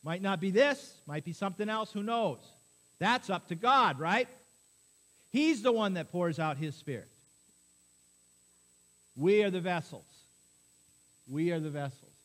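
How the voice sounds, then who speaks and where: Male pastor, sermon, slightly high voice, lively, asks the congregation questions. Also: moderate pace. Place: church.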